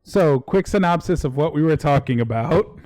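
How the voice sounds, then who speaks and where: A man's voice: fairly high pitch, expressive, moderate pace, darkish tone. A man co-hosting a podcast in casual, rambling live-stream chat. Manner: laid-back, rambling, swears casually. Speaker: podcast co-host.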